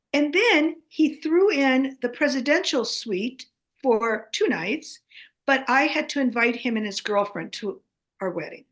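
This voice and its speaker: An American woman in her seventies tells a story as a guest author. Her voice sits a little high, and she talks in an animated, chatty way. She keeps checking in with her listener by asking "okay?". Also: measured pace. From United States.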